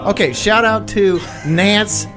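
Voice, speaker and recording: A man with a fairly high voice co-hosting a casual podcast. He speaks in a relaxed way and asks questions. Guitar music plays clearly behind him. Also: takes it slowly. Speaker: podcast co-host. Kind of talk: casual chat.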